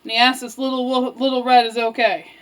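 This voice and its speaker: Student teacher, high voice, casual read-aloud storyteller, chatty with asides. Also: female voice, flat delivery, fairly quick, rough recording. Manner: chatty, self-interrupting, with asides and laughs.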